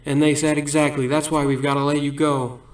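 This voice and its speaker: A man with a fairly high voice rattles off corny stand-up jokes as rambling little stories, breaking into laughter at his own punchlines. He sounds far from the mic, in a roomy, echoey space. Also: level tone, fairly quick. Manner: rambling absurd storytelling. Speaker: comedian. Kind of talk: stand-up joke telling.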